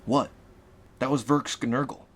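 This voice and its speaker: A man's voice: mid-range voice, fairly even intonation, unhurried, fairly bright tone. A man voicing a cheeky, irreverent teenage boy who talks in a casual, joking way.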